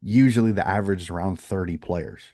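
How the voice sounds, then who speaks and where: A man's voice: deep voice, quick pace, warm tone, no room sound, clean studio sound. A man co-hosting a sports podcast, chatting casually and rambling through opinionated points with frequent restarts. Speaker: podcast co-host.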